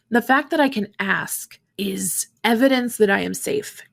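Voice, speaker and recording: A woman's voice: fairly high pitch, a little slow, creaky, few pauses. A woman in her thirties hosting a podcast alone, talking in a chatty, candid way with many fillers. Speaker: podcast host. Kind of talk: casual solo podcast talk.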